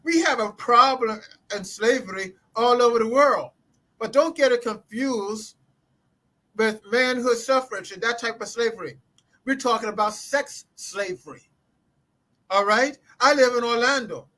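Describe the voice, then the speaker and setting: Older man, high voice, emphatic, preachy, impassioned commentary. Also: moderate pace, pushed and bright. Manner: emphatic, preachy, repeats himself. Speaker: guest.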